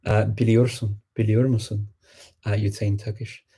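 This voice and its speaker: Male stream host with a warm, husky voice, chatty and full of ums, fielding viewer questions. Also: fairly low pitch, level tone, normal speed. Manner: chatty, frequent ums and chuckles. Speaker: language learning host.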